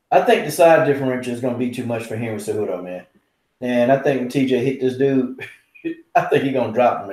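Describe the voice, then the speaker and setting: A man telling a story in casual podcast chat, animated and profane, his voice climbing as he acts out both sides of a phone call. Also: mid-range voice, echoey room. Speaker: podcast co-host, called Coach.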